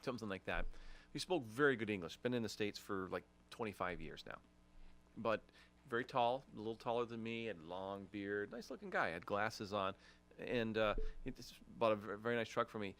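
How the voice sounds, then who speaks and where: A man's voice: fairly low pitch, a little fast, fairly bright tone, a little hiss or hum. A middle-aged man co-hosting a casual podcast, telling rambling stories with lots of restarts and fillers. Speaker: podcast co-host.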